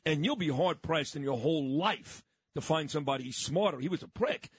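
A man's voice: a little high, animated, brisk, breathy edge, dry recording. A man hosting a talk show, teasing and blunt in casual chat. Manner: brash, teasing, blunt and profane. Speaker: radio talk show host.

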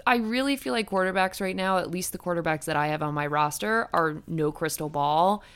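A young woman co-hosting a fantasy football podcast in casual chat, a little groggy in the morning and chatty with drawn-out fillers. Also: fairly low pitch, smooth.

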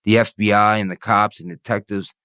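A man's voice: fairly low pitch, fairly even intonation, fairly quick, pushed and bright, smooth, no echo, studio quality. A man telling his own story in an interview, blunt and profane, often asking "you know what I mean". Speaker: interview guest.

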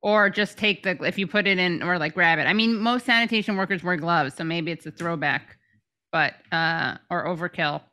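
A woman's voice: on the low side, normal speed, pushed and bright. A woman co-hosting a podcast, chatting casually and jokily about odd news stories. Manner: jokey, puts on accents mid-story. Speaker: podcast co-host.

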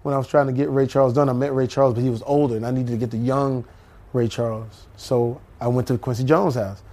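A man in his fifties, a comedian guest, telling animated stories and slipping into impressions. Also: medium pitch, fast talker. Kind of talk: storytelling in a talk-show interview.

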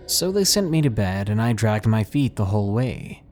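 A man reading a first-person horror story aloud as narrator, dramatic and expressive, slowing down for suspense. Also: lowish voice.

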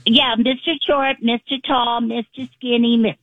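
A middle-aged woman calling in to a talk show, telling a story in a lively, laughing way with lots of "right?" and "you know" asides. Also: a little high, moderate pace, narrow, tinny audio, a crowd in the background. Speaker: caller. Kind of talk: casual call-in storytelling.

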